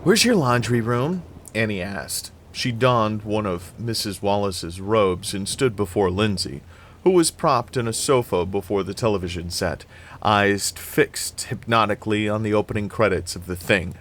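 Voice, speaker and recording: Low-voiced man reading a horror novel. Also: normal speed, a bit bright, slight background noise. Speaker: reader.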